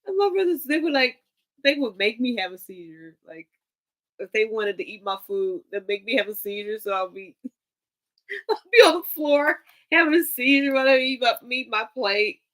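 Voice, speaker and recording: Animated woman telling stories with a laugh. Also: a little high, moderate pace, poor audio. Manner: animated, laughing, quotes people in shifting voices. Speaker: tarot reader on a livestream. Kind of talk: casual storytelling.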